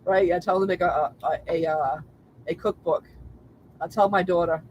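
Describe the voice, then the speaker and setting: A woman's voice: lowish voice, steady tone, normal speed, a little mellow, dull audio, a little hiss or hum. A woman co-hosting a casual livestream chat. She talks in a chatty way, repeats herself and laughs easily. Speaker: co-host of a travel livestream.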